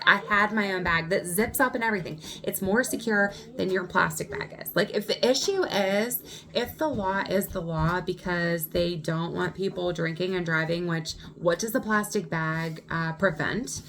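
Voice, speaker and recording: A woman vlogger telling a personal story in an animated, indignant way. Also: on the low side, normal speed, slight background noise. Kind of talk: storytime vlog.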